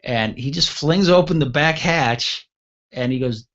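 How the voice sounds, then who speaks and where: A man with a somewhat high voice spins a long, casual anecdote as a show host, jumping into loud, animated impressions of the people in it. The sound is dull and lo-fi, like a cheap web radio stream. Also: normal speed. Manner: animated, acts out quoted voices loudly. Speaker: podcast host. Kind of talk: casual storytelling. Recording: dull lo-fi audio.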